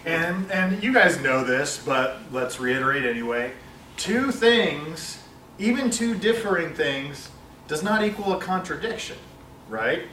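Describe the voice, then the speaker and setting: A man's voice: a little high, sharp tone. A man teaches a Bible study class, wandering through his points with many fillers and self-corrections. He is heard from some distance in a roomy, echoing space, with a faint hum behind him. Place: classroom with a large screen. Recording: echoey room, far from mic.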